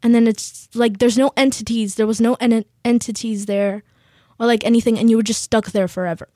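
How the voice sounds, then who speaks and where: A woman's voice: on the high side, fairly even intonation, brisk, warm tone, dry recording, studio quality. A young woman chatting casually on a podcast, rambling with lots of fillers and giggles. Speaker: podcast co-host.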